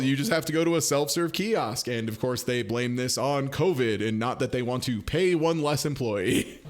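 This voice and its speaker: Casual guy talking over a video on a live stream, loose and chatty, cusses a lot, laughs at his own stories, middle-pitched voice. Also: expressive, moderate pace, few pauses. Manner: chatty, swears freely, laughs often. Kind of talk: casual reaction commentary.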